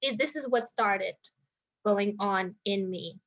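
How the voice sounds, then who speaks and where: A woman speaks slowly and thoughtfully in a personal vlog, her voice at a middling pitch for a woman. She circles around her points with many "like" and "you know" asides. The recording sounds a little dull and lo-fi. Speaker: energy healer.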